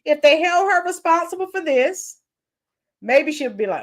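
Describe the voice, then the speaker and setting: A woman's voice: high voice, very animated, normal speed. A woman hosting a live commentary stream, giving opinions and greeting chat viewers by name. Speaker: livestream commentary host.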